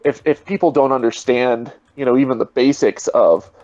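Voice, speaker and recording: A man's voice: mid-range voice, normal speed, a little mellow, no echo, muffled recording. A man talking as a guest in a casual online debate, rambling and full of "you know" fillers over a video call. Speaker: guest, atheist video creator.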